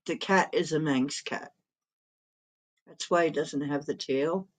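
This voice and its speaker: A woman's voice: sits low, a little slow. A middle-aged woman hosting a live stream in casual chat, rambling and chuckling often as she reads comments and talks to her cat.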